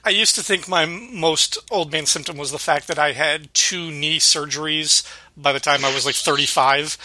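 A middle-aged man co-hosting a podcast in casual chat, relaxed and talkative, recapping scenes. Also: a little high, normal speed, dry recording, low-quality recording. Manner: relaxed, chatty, recaps scenes with quoted voices. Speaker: podcast co-host.

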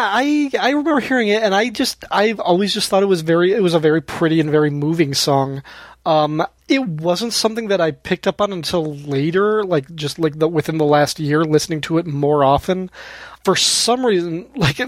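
A man co-hosting a podcast, telling an animated, self-mocking story in a casual chat. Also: high-pitched, fairly quick, dry recording, studio quality. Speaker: podcast co-host. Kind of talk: casual music discussion.

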